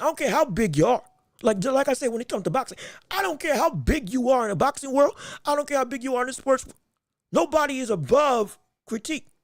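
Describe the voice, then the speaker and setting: Woman host, high-ish voice, dry close sound, rambling and opinionated live sports talk. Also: dry recording. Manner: rambling, repeats herself, greets chat viewers; emphatic and opinionated. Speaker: podcast host. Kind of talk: live-streamed sports commentary.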